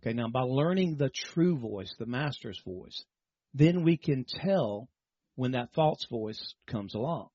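A man's voice: mid-range voice, lively intonation, unhurried, dark tone, slightly rough, dry recording, lo-fi sound. A man preaching a sermon in a teaching manner, often repeating words and asking rhetorical questions.

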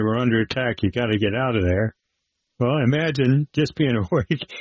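A man's voice: mid-range voice, no room sound. Male pilot guest, plain-spoken storyteller, dry dull lo-fi sound. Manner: plain-spoken, steady recounting with fillers. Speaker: airline pilot. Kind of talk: interview storytelling.

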